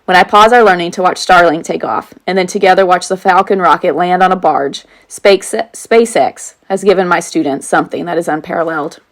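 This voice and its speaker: A woman in her forties narrates her own audiobook as a teacher, her voice sitting a little low for a woman. She reads earnestly and now and then breaks off into a casual aside before going back to the text. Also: a little fast, hardly any pauses. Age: 40s. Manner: earnest reading with off-script asides. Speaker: teacher and author reading her own book. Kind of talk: self-read audiobook narration.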